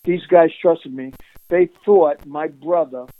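A man being interviewed, telling an animated, streetwise story with frequent laughs and restarts. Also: on the high side, slow, no echo, rough recording. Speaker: interviewee recounting undercover work.

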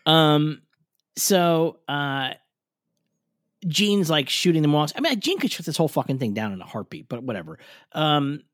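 A man rambling through a cartoon recap with his co-host, full of ums and false starts. His pitch rises and falls in a lively way as he talks. The sound is close and dry, with no room around it. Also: normal speed, no room sound. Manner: rambling, lots of ums and restarts, swears casually. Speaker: podcast co-host. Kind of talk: casual chat recapping a cartoon episode.

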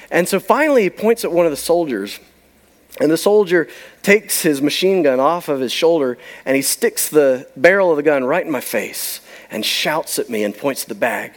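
A man's voice: high-pitched, lively intonation, brisk. A man preaching a sermon, telling a story with emphasis and letting key lines trail off to a near-whisper. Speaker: pastor.

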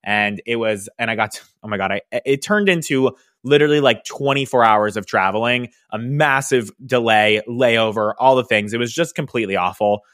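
A young man hosts his podcast and tells a travel story in a chatty, animated way, full of fillers and asides. His voice sits at an ordinary middle pitch. The close mic sounds dry, with no room echo. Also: normal speed, hardly any pauses. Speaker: podcast host, hairstylist business educator.

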